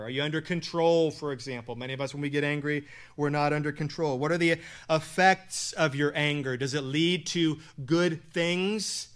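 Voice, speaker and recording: A man preaching a sermon, asking the congregation questions and answering them, with loud stresses and quiet asides. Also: a little high. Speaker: pastor.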